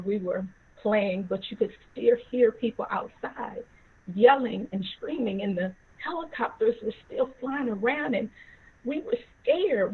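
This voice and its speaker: Slow, husky woman storyteller. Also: on the high side. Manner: slow, dramatic telling. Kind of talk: personal storytelling. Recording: tinny phone-like audio.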